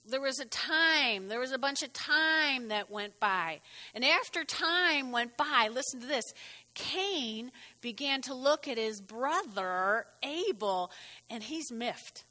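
A woman preacher giving a folksy, animated sermon, often repeating her phrases. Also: sits high, big-room sound.

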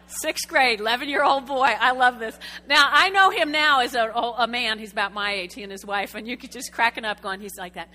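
Bright-voiced woman preaching, chatty. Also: a little high, moderate pace, a little hiss or hum. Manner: lively storytelling, chatty asides to the congregation. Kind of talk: sermon. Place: church sanctuary before a congregation.

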